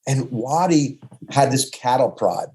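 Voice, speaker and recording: A man's voice: medium pitch, animated, unhurried, darkish tone. A man with a New York accent telling rambling tour stories as a podcast guest, often restarting his sentences. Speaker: podcast guest, punk musician. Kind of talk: casual storytelling.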